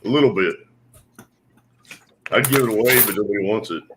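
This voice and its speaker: Deep voiced guy co-hosting a coin stream, dry jokes, low and rumbly. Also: a little fast, background noise. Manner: dry joking, explanatory. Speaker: co-host. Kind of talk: casual livestream chat.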